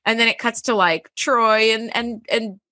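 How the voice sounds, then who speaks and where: Animated woman recapping with bright tone. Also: fairly high pitch, unhurried, no room sound, studio quality. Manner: animated, acts out characters' lines, laughs often. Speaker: podcast co-host. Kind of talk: casual recap chat.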